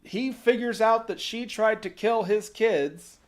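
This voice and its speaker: A man hosting a livestream casually retells a folk tale, adding sarcastic, mocking asides and some casual swearing. He speaks unhurriedly in a high voice.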